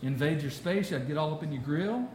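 A man preaching a sermon to a congregation, animated and conversational, often repeating words as he goes. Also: fairly high pitch, a little fast, slight background noise. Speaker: pastor. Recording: roomy hall sound.

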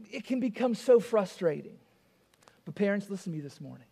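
A man's voice: sits high, expressive, moderate pace, vocal fry, warm tone, slightly rough, in a large hall. A male pastor preaching a sermon. He is emphatic, repeats key phrases and asks the congregation rhetorical questions.

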